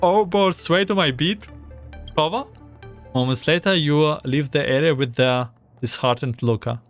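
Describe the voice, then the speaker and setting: A man's voice: fairly high pitch, moderate pace, faint music behind. A man streaming a game, reading the dialogue aloud and reacting with anxious groans between lines.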